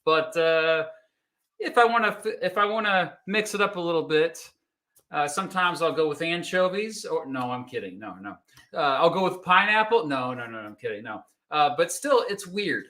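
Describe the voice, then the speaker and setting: A man hosting a laid-back livestream, talking with a bright, forceful edge in a slightly high voice. He jokes around easily and sometimes talks with his mouth full. He is in his thirties and comes from Kansas. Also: moderate pace. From Kansas, United States. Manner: relaxed, joking, eats while talking. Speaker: YouTube host. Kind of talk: casual livestream chat.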